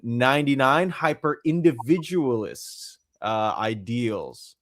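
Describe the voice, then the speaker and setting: A man hosts a podcast in easy, casual chat. He reads comic titles and prices one after another, often pausing on an "uh." His voice sits at an ordinary pitch and sounds dry and close, with no room behind it. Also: lively intonation, dry recording. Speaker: podcast host.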